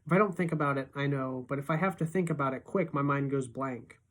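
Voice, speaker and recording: A teacher reading a novel aloud in steady, expressive first-person narration. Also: female voice, rumbling low, quick pace.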